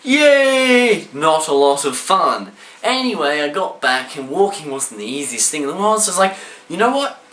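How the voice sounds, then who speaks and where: A man tells a comic personal story, throwing in sound effects and shouted voices. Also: on the high side, animated, fairly quick. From Australia. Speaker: storyteller vlogger. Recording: roomy echo.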